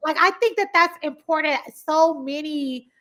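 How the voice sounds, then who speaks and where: A woman podcast host from Compton, Los Angeles, chats in a casual interview, her voice sitting high at a moderate pace. She tells stories with animated flair, acting out the voices of the people she quotes.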